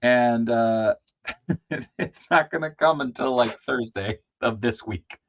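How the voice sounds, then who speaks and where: A man chatting casually while painting a toy figure on a livestream, laughing and lively as he tells stories. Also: unhurried. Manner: animated, laughing, jumps into high excited voices when telling stories. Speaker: co-host of a toy customizing livestream. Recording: slightly dull lo-fi stream audio.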